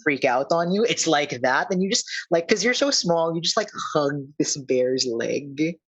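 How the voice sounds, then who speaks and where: Male game master, unhurried, halting narration, casual. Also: a little high, lively intonation, fairly bright tone, husky, muffled recording. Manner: halting, many fillers.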